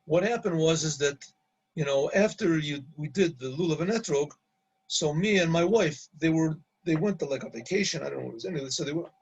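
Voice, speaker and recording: Gravelly halting male storyteller. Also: a little high, lo-fi sound, slight background noise. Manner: halting, repeats words, laughs at own story. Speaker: rabbi storyteller. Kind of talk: casual anecdote telling.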